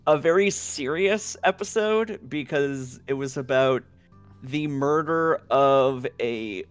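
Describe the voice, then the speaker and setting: A man's voice: medium pitch, takes it slowly, clear, resonant tone, faint music behind. A man co-hosting a live stream, telling a rambling story with plenty of swearing and giggles. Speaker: co-host on a stream. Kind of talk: casual anecdote-telling.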